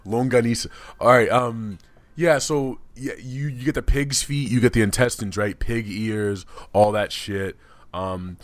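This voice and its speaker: A man's voice: medium pitch, a little slow, no room sound. A man co-hosting a comedy podcast, talking in a crude, teasing, casual way. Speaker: podcast co-host.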